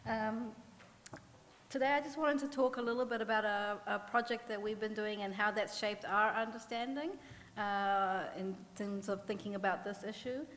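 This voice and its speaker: A woman's voice: mid-range voice, steady tone, normal speed, fairly bright tone, a little hiss or hum. A woman with a New Zealand accent, an economist giving a conference talk, earnest and self-deprecating, with many fillers and restarts. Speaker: symposium panel speaker, economist. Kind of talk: conference presentation. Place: conference hall. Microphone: podium mic. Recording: long reverb from a hall.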